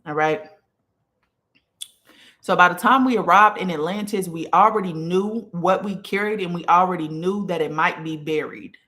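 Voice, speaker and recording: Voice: mid-range voice, moderate pace, pushed and bright. A spiritual teacher hosting a live stream, teaching casually from notes, often asking "okay?" and greeting viewers along the way. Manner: greets viewers mid-lesson. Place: small room with incense and a candle burning.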